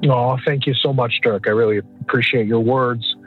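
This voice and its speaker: A man's voice: mid-range voice, fairly even intonation, moderate pace, narrow, tinny audio, faint music behind. A man who is an author guest on an interview, speaking earnestly in a flowing motivational way.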